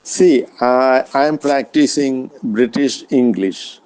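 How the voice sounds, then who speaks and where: A man practicing spoken English with an AI, speaking carefully and politely with frequent pauses and restarts. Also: mid-range voice, a little mellow, clean tone. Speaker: English learner.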